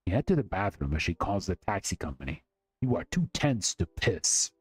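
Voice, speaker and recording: Male streamer, low voice, reading a game aloud, dry close sound, soft music behind. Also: very animated, moderate pace, husky, no echo. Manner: dramatic reading with casual asides.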